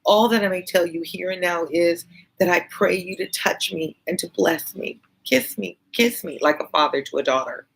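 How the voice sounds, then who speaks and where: A woman voicing a gentle, devoted young woman who tenderly pleads with her father. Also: lowish voice, moderate pace, gravelly, breathy edge, heavily acted, low-quality recording. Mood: tender pleading. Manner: tender, pleading, repetitive appeals.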